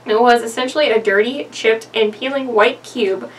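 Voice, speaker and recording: A woman's voice: on the high side, normal speed, distant mic, slight background noise, poor audio. Giggly young woman reading a spooky story. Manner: giggly, joking, breaks into laughter. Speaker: co-reader of a horror story. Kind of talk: casual story reading with banter.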